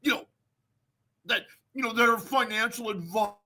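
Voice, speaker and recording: Profane, bright-voiced ranting man. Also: very high-pitched, moderate pace. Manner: profane, mocking, laughing often. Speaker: show host. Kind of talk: mocking comic rant.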